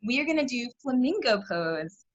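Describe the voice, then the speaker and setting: A woman's voice: on the high side, sing-song, moderate pace, no room sound. Cheerful woman teaching kids yoga over a video call, dry close sound. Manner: upbeat, encouraging, laughs often. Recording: dull lo-fi video call audio.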